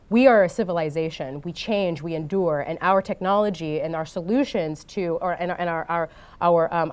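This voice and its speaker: A woman giving a talk at a design conference to an audience. She often pauses with ums and uhs and grows animated when she tells an anecdote. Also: on the low side. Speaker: conference speaker. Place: conference stage before an audience.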